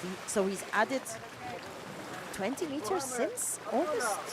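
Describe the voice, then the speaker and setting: A woman's voice: high voice, big pitch swings, takes it slowly. A woman commentating a livestream in a chatty, encouraging way, reading out names from the chat. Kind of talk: live sports commentary, chatty. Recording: noisy boat deck ambience.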